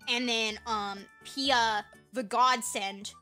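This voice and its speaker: A young woman streamer telling a trip story in casual live-stream chat, animated and swearing freely. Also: a little high, takes it slowly, soft background music.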